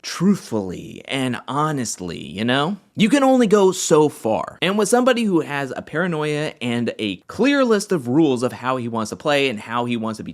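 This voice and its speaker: A man hosting an animated episode recap, telling the story in a casual way and acting out the quotes. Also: a little high. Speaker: recap host.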